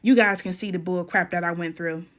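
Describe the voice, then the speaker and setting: A woman's voice: steady tone, fairly quick. A woman host recording a casual, rambling voice-over for her gameplay video, talking straight to her viewers. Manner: rambling and chatty, addresses viewers as y'all; says she generally talks low. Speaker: gaming channel host. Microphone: recorded on an iPad.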